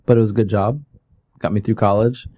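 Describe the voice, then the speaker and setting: A man's voice: fairly low pitch, fairly even intonation, a little fast, lo-fi sound. A man chatting casually and telling a story from his working past. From California. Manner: storytelling, puts on voices when quoting people. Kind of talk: casual chat.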